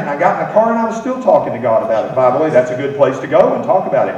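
A man's voice: medium pitch, very animated, racing, hardly any pauses, darkish tone, dull audio, a little hiss or hum. An American man preaching a sermon as pastor, having the congregation repeat phrases after him. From United States. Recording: echoey room, mic from far off.

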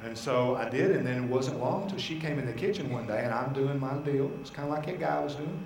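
Animated preacher man in an echoey church. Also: medium pitch, a little fast, background noise. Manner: animated storytelling, voicing God and his wife in asides. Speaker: pastor. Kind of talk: sermon.

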